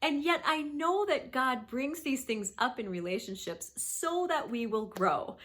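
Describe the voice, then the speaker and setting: A woman in her thirties with a bright, clear voice, talking straight to camera as a therapist. Her delivery is earnest and emphatic, and she sometimes sinks to a soft near-whisper. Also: sits high, animated, unhurried. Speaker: therapist and video host. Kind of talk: warm instructional talk to camera.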